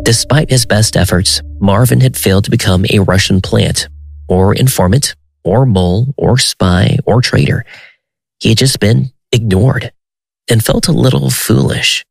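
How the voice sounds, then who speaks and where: Low gravelly documentary narrator, man. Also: a little slow, no echo.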